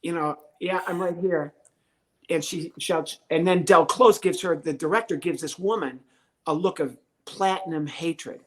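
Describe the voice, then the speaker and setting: A man in his sixties, a comedian guest telling a lively story and acting out the voices of the people in it. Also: fairly high pitch, normal speed. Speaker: podcast guest, comedian and ventriloquist. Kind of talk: storytelling interview.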